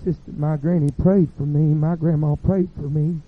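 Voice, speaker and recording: A man preaching a revival sermon, telling dramatic stories that build to shouting. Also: fairly high pitch, steady tone, moderate pace. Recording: tinny phone-like sound.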